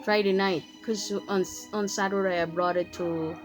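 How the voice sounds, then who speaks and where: A woman's voice: mid-range voice, fairly even intonation, normal speed, music in the background, low-quality recording. A woman giving a casual spoken testimony about her faith, earnest and repeating phrases as she recites verses with emphasis. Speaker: vlogger sharing a faith testimony.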